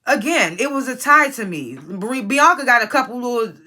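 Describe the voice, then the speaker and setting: A woman with a slightly high voice and lively intonation talks at normal speed in a sharp tone. As a reality TV reviewer, she delivers a casual, profane recap, opinionated and blunt, talking right to the cast members she judges.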